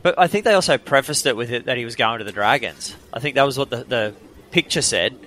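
A man's voice: mid-range voice, lively intonation, fast, fairly bright tone. A man with an Australian accent, co-hosting a sports podcast and giving firm, opinionated takes with frequent ums. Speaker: podcast co-host. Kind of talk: casual sports chat.

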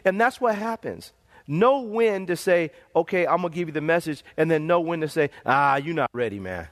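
A middle-aged male pastor preaching a sermon, telling stories animatedly and calling for amens. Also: on the high side.

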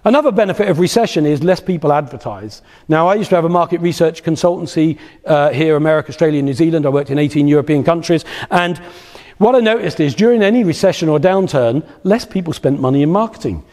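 A man's voice: on the high side, lively intonation, fast talker, a little mellow. Man telling stories in a reverberant hall. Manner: anecdotal storyteller, repeats phrases for rhythm. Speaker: business speaker. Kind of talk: live motivational talk. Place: lecture hall at a live event.

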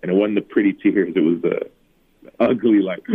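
A man in his thirties, a former football player, tells personal stories in an interview, acting out quoted lines in a higher voice. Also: steady tone, normal speed, slightly rough. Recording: tinny phone-like remote line.

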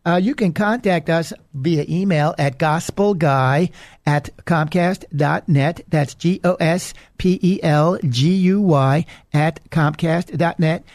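A man's voice: on the high side, slow pace, darkish tone, no room sound, studio quality. A man hosting a preaching program, delivering an earnest, emphatic warning message. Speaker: radio preacher and host. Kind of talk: preaching monologue.

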